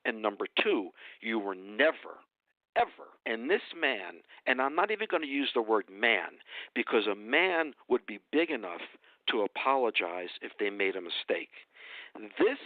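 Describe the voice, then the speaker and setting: On a dry, tinny phone line with no echo, a man with a mid-range voice delivers a heated political rant as a radio guest. Indignant and emphatic, he hammers his points by repeating phrases.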